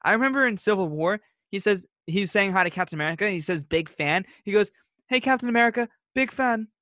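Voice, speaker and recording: A man co-hosting a podcast, chatting casually and telling animated, opinionated stories. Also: high-pitched, fast talker, no echo, studio quality. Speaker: podcast co-host. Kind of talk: casual chat.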